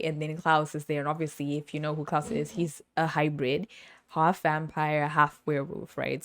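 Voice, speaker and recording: A young woman talks straight to the camera in a relaxed, rambling monologue, with a voice that sits on the low side for a woman. She laughs a lot and slips into quick impressions of the people in her stories. The sound is close and dry, with almost no room around it. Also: no room sound. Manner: chatty and animated, laughs often, acts out other people's voices. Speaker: podcast host. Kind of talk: casual storytelling monologue. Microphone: camera on the speaker.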